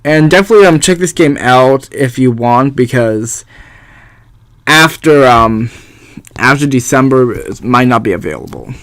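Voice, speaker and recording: A man's voice: mid-range voice, moderate pace, a bit bright, no echo. A young man giving casual, rambling and self-deprecating commentary over a video game he plays. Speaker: let's play host.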